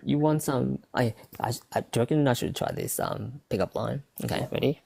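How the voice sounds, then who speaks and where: A woman's voice: rumbling low, expressive, a little fast, vocal fry, dark tone, husky. A woman hosting a podcast in casual chat, playful and teasing, laughing often. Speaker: podcast host.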